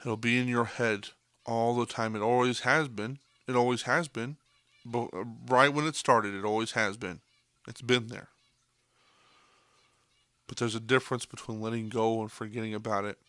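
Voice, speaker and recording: A man's voice: mid-range voice, steady tone, moderate pace, sharp tone, dry recording. A young man hosting a podcast, delivering an intense monologue that swears freely and hammers points home by repeating them. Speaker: podcast host.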